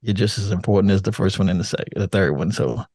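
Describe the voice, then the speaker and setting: An older man talking in a relaxed, rambling way as an interview guest, laughing now and then. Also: low-pitched, fast, husky, dry recording, studio quality. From United States. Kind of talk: casual chat.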